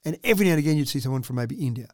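Gravelly-voiced man explaining council plans. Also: a little high, animated, no echo, clean studio sound. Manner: explanatory, measured, thinks aloud. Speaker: council representative. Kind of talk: radio interview.

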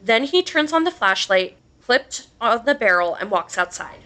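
Woman host, fairly high bright voice, reads a scary story in a loose, sweary way. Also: expressive, moderate pace, hardly any pauses. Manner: casual, swears freely, laughs between lines. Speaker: podcast host. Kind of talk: reading a horror story aloud.

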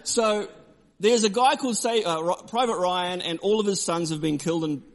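A man preaching a sermon, emphatic and repetitive, shifting between forceful declarations and quieter storytelling. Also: high voice, normal speed. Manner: emphatic, repeats key phrases, drops to quiet storytelling. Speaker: pastor.

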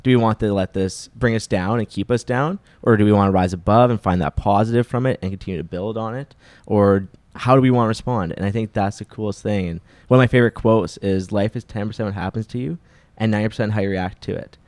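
An earnest young man from Canada, speaking as a guest on a podcast. His voice sits low in pitch. His words keep circling back to encouragement, and the recording is dry and close, with no room sound. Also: fast talker, darkish tone, no echo. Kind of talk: casual chat.

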